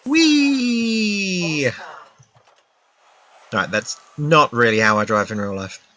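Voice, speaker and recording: A man's voice: lowish voice, moderate pace, sharp tone, slight background noise. A British man giving casual live-stream commentary on a game at home, chatty and full of self-mocking asides. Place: at home with a laptop.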